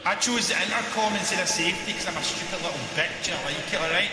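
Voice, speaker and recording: A man, yelling and swearing through a multiplayer game with his friends. His talk is loud and rowdy, the casual banter of a gaming session. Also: sits high, fast talker, loud music behind the voice. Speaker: game streamer.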